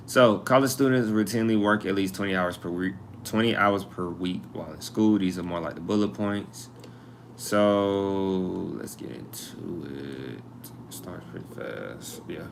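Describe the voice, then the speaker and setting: A man with a lowish voice hosts a live stream, chatting casually to viewers and reading an article aloud, with slight background noise. At times he turns away from his mic.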